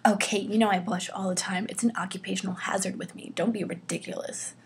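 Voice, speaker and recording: A woman putting on a prim, easily flustered young woman in a mocking whispered role-play. The whisper is breathy and huffy. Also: mid-range voice, steady tone, quick pace, slight background noise, close to an everyday voice.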